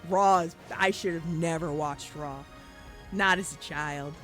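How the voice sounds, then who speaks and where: A young woman streaming a game, chatting casually and telling animated stories with frequent laughter and casual cursing. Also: low-pitched, a little slow, faint music behind.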